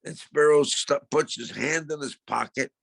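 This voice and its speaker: An older man, a guest, telling a casual story in a gravelly voice and acting out the dialogue. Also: fairly high pitch, moderate pace, dry recording. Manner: animated, acts out quoted dialogue.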